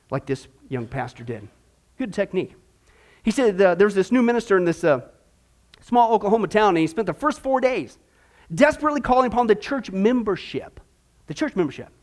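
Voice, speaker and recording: A man preaching a sermon in an emphatic, animated, rhetorical way. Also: extremely high pitch.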